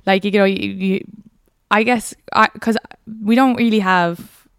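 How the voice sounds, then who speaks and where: Irish female co-host, chatty, giggly, smooth voice, dry close sound. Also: medium pitch, steady tone, a little slow, no room sound. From Ireland. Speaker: podcast co-host. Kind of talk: casual chat.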